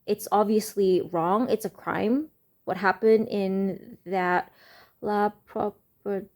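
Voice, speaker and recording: A woman giving a slow, musing tarot reading, often pausing with fillers as she speaks. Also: mid-range voice, fairly even intonation, a little mellow. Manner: speaks slowly. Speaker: tarot reader.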